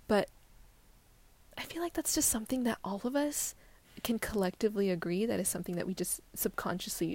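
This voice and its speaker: Gravelly young woman rambling on her podcast. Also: medium pitch, a little mellow. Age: young adult. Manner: rambling, heavy swearing, lots of "like" fillers; drops into near-whispers often. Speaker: podcast host. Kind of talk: casual solo podcast chat.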